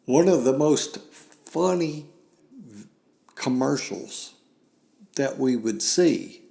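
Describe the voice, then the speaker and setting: An older man hosting a podcast, telling a solemn personal story in a slow, grave way with long pauses. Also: medium pitch, lively intonation, gravelly, dark tone. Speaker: podcast host.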